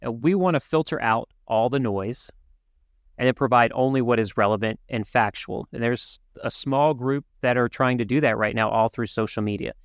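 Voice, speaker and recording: A man's voice: mid-range voice, clear, resonant tone, no room sound, clean studio sound. Earnest man co-hosting a podcast. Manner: earnest, measured, with restarts. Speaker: podcast co-host. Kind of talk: casual conversational commentary.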